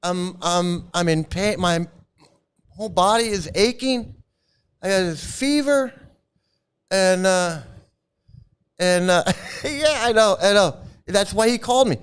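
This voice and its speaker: A man's voice: sits high, slow pace, long pauses, clean tone. A man casually telling a personal story, rambling and chuckling often as he goes. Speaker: former member recounting his experiences.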